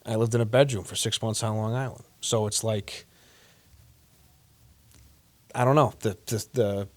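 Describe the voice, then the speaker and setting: A man's voice: fairly low pitch, unhurried. A man with a Chicago accent, a comedian guest rambling in a casual podcast chat, swearing often. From Chicago area. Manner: rambling, swears freely, lively impressions.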